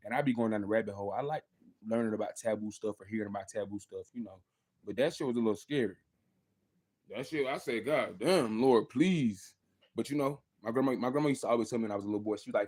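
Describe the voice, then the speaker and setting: Young man chatting on a livestream. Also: medium pitch. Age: 20s. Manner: animated, swings between loud outbursts and mumbled asides. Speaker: livestream host. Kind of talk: casual livestream chat with viewers.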